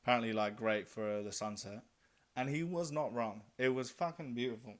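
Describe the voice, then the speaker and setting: Chatting casually in a solo-travel vlog, a young man tells a story, curses liberally, and performs his own lines as he recounts them. He speaks at a moderate pace with a medium-pitched voice.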